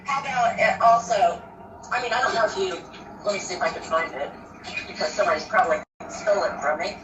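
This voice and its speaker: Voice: medium pitch, fast, roomy sound, distant mic, lo-fi sound, background noise. A friend talking in a loose, rambling way, full of fillers. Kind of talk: casual chat.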